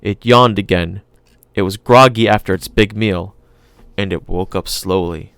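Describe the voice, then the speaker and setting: Smooth, low-voiced male narrator. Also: measured pace, fairly bright tone, dry recording. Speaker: audiobook narrator. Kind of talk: scripted narration.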